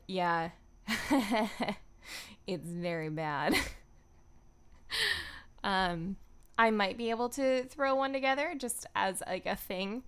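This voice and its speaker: A woman's voice: mid-range voice, a bit bright, clean tone. A woman voice actor chatting casually on a stream, rambling and laughing often.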